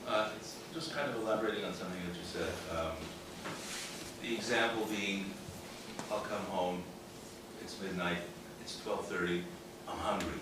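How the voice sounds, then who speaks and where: Deep-voiced man asking from the floor. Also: normal speed. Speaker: audience member. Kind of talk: casual question from the floor. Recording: distant, very echoey room, noise.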